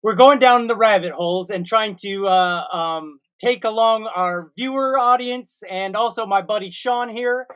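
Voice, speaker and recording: A man's voice: sits high, measured pace, hardly any pauses, fairly bright tone, smooth. A man hosting a casual online chat, rambling and often laughing at himself. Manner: laughing, rambling, self-mocking. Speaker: host.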